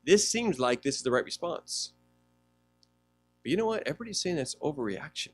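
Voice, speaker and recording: A man with a high voice preaching a sermon with plenty of animation. He moves from loud, mocking put-on quotes to low, hushed asides. The sound is dry and close, with no room around it. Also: very animated, fairly quick, pauses often, no room sound. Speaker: pastor.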